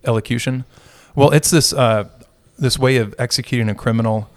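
A man's voice: medium pitch, fairly even intonation, normal speed. A middle-aged man co-hosting a podcast, chatting casually and joking, rambling with restarts. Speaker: podcast co-host.

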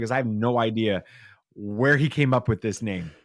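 A man, a father and podcast guest, telling a story in a casual, animated way and acting out the quotes. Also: medium pitch, moderate pace, no room sound, clean studio sound. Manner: animated, acts out quotes with shifting voices.

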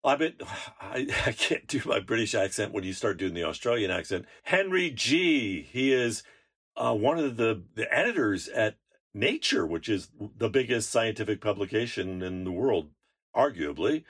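A man's voice: fairly low pitch, big pitch swings, normal speed, fairly bright tone, slightly rough. A man hosting a podcast in casual chat, joking and bantering playfully, from Canada. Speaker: podcast host.

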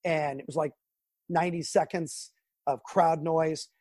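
A middle-aged man from Southern California, a sports broadcaster telling animated stories in an interview. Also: on the high side, a little slow, slightly rough, no room sound. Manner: animated storyteller, acts out quotes and sounds. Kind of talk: storytelling interview.

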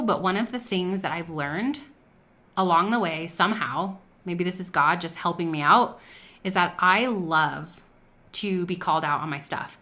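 A woman's voice: lowish voice, sharp tone. A woman hosting a faith-based business talk, speaking earnestly and conversationally and sharing personal stories. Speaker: podcast host.

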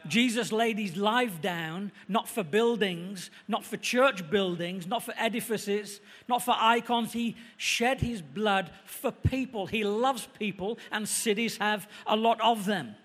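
Preacher, male, middle-aged, Manchester accent, brisk chatty delivery, fairly high voice, echoey church hall. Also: fairly bright tone. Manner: quick, conversational preaching, slowing for emphasis. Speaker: visiting pastor. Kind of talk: sermon.

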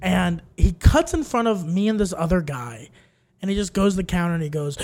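A fairly high male voice that tells stories with energy and slips into little character voices as he goes. Casual podcast chat from a young man who breaks into laughter often. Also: brisk. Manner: animated storyteller, acts out quoted voices, laughs often. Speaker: podcast co-host.

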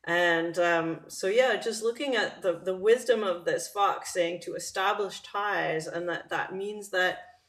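A woman giving a reflective talk on a story, speaking softly and thoughtfully with some hesitations. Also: on the low side, measured pace. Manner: soft, thoughtful, hesitant with fillers.

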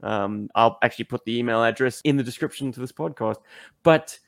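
A man's voice: medium pitch, fairly quick, creaky, no echo, studio quality. A man co-hosting a podcast in casual chat, wry and earnest, laughing often. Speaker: podcast co-host.

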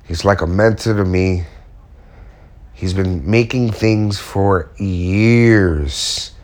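A man's voice: low-pitched, very slow, darkish tone. A man who works as a custom furniture maker, giving a blunt, slangy motivational talk and swearing casually as he goes.

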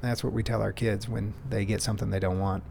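A man's voice: on the low side, flat delivery, fast, creaky, a little mellow, husky. A man hosting his own show, chatting casually and rambling with lots of restarts and playful self-mocking humor. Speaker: podcast host. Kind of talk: casual solo storytelling.

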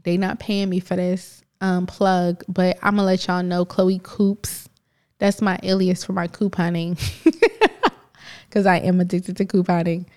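A woman co-hosting a casual podcast, talking in a loose, rambling way. She laughs easily and jumps from one tangent to the next. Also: fairly low pitch. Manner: animated, rambling, quick to laugh. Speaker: podcast co-host.

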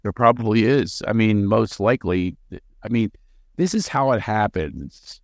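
A man talking as a podcast guest, animated and quick with sarcastic jokes. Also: lowish voice, no echo, studio quality. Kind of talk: podcast interview conversation.

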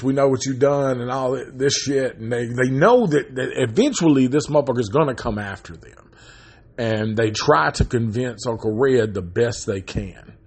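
A man recapping a horror movie in a casual, rambling, heavily profane way that turns loud and animated when he rants. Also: medium pitch, husky. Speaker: movie reviewer.

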